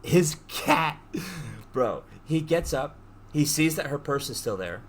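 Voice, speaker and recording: A man hosting a podcast, casually retelling a movie plot in an animated way, swearing freely. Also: on the high side, takes it slowly, a little hiss or hum. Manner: animated storyteller who swears freely and acts out quotes. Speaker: podcast host.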